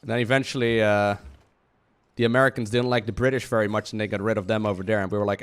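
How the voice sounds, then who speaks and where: A man's voice: lowish voice, steady tone, fast, clean tone. A young man from the Netherlands, casually retelling history as a streamer in a playful, slangy way, acting out quotes in goofy voices.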